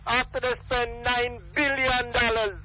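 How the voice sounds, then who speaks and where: A man's voice: extremely high pitch, little pitch movement, unhurried, crowd noise. An older man with a Jamaican accent calling in to a radio talk show, speaking in an emphatic, rambling, repetitive way. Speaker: radio call-in caller. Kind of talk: impassioned call-in talk. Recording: muffled phone-in radio line.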